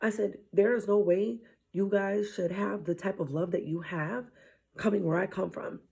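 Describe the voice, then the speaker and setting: A woman with a husky, slightly breathy voice tells a story about her children in a casual faith talk. She acts out what she said to them and slips into hushed whispers now and then. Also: medium pitch, moderate pace. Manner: animated retelling, dropping to a whisper at times. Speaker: mother sharing a faith message.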